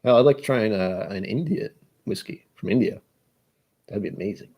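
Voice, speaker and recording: A man's voice: fairly low pitch, a little fast, highs cut off. Self-deprecating American man musing aloud. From United States. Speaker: whiskey channel host. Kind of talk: casual rambling monologue.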